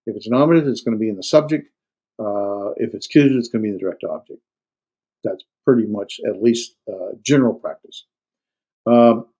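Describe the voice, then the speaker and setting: A man's voice: medium pitch, warm tone, low-quality recording. A man teaching a Greek grammar class, explaining step by step with many fillers, restarts and hard stress on key words. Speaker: Greek instructor. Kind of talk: classroom lecture. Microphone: recorded lecture.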